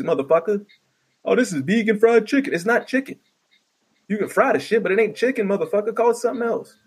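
A gravelly, husky-voiced man rants, swearing constantly and stumbling over his words. His exasperation drives the whole delivery, with plenty of restarts along the way. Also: on the high side. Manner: profane, ranting, exasperated, stammering restarts. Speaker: vlogger ranting. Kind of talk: profane comedic rant.

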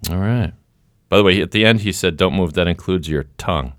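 Deep-voiced playful podcast quizmaster. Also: male voice, brisk, no room sound, studio quality. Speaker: podcast host running a quiz game. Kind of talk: casual chat.

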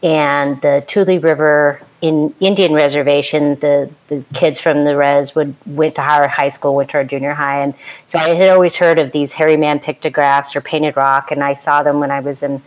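Low-voiced woman telling a story. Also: normal speed, poor audio. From California. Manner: lively, rambling storyteller with restarts. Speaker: anthropologist and archaeologist guest. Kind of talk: conversational storytelling.

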